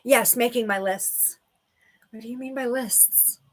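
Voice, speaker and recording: A woman's voice: on the high side, steady tone, measured pace. A woman giving intuitive readings to viewers on a livestream, bubbly and giggly, full of "like" and "okay". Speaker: livestream psychic reader.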